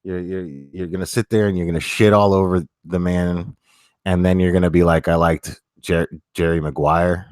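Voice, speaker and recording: A man with a very deep voice chats casually with his audience, stumbling through restarts and fillers. He talks bluntly and swears freely. The sound is dry and close, with no room echo. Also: level tone, a little mellow, clear, resonant tone. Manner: halting, many restarts and fillers. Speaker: streamer reading chat. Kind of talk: casual chat.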